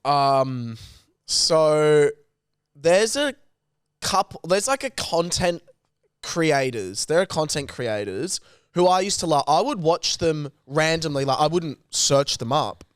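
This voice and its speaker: Playful Aussie co-host, clear smooth tone, lively pitch, dry room. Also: male voice, slow pace, no echo. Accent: Australian. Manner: teasing, playful. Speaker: podcast co-host. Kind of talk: casual chat. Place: podcast studio.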